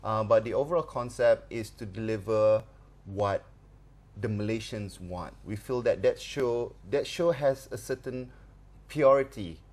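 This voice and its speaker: Low-voiced man, halting guest talk. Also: darkish tone. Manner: hesitant, many fillers and restarts. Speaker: comedy show organizer, guest. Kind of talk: studio interview.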